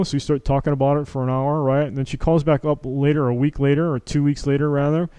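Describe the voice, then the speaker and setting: A man's voice: a little high, steady tone, fast, mellow, clean tone, no room sound. A middle-aged man giving an informal medical lecture as a physician, talking conversationally, acting out patient exchanges and checking in with "okay?" and "right?". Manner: conversational, acts out patient dialogues, frequent "okay?" and "right?" tags.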